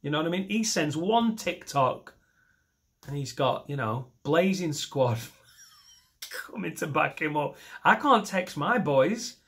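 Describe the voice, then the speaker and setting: A man's voice: a little high, expressive, slow pace. Self-mocking man in his thirties. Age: 30s. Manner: rambling and self-mocking, jumping into shouted voices for imagined scenes. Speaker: stand-up comedian. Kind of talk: stand-up comedy set. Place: comedy stage.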